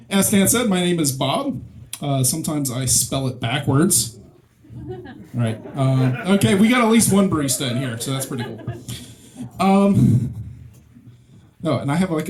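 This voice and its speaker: Hesitant self-deprecating comic, high voice. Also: male voice, big pitch swings, moderate pace, long pauses. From Mississippi, USA. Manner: hesitant, lots of ums, self-deprecating, reads from a cheat sheet. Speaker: stand-up comedian. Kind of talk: stand-up comedy set.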